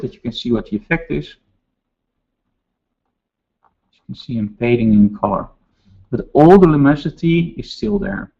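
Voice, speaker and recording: A man with a Dutch accent teaching photo retouching step by step in a webinar, with relaxed asides. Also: fairly high pitch, gravelly, muffled recording. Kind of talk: software tutorial webinar.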